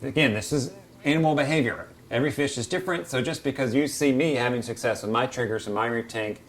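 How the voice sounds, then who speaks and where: A man's voice: medium pitch, quick pace. Chatty man host with a faint hum. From United States. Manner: chatty, acts out quotes of fish and hobbyists. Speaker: aquarium hobby show host. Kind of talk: casual Q&A explainer. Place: home room beside his reef tank.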